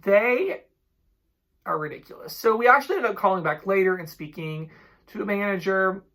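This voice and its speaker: A young man in his twenties from Ohio, telling stories in a casual, chatty vlog with animated, exasperated energy. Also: high-pitched, normal speed. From Ohio, USA. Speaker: couponing vlogger.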